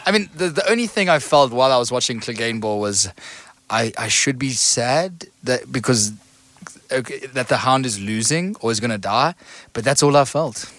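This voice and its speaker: A man in casual podcast chat, animated and jokey, laughing often and doing quick impressions. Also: mid-range voice, dry recording. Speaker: podcast co-host.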